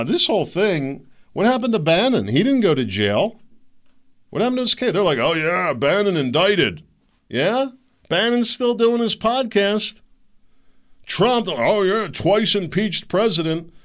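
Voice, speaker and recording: A man's voice: fairly high pitch, a bit bright. A man hosting a podcast, delivering a rambling, sarcastic and indignant political commentary monologue. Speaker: podcast host.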